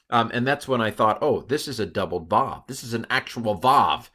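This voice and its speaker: Middle-aged male teacher, chatty and playful, bright voice, explaining Hebrew grammar. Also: medium pitch, expressive, moderate pace. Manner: chatty and self-correcting, with playful asides. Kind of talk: recorded lesson walking through slides.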